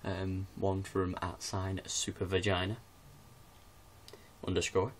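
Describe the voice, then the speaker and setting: Low-voiced rambling young man vlogging. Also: monotone, slow, a little hiss or hum. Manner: rambling, giggly, offhand. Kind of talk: casual chat to camera. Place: bedroom with music posters on the wall.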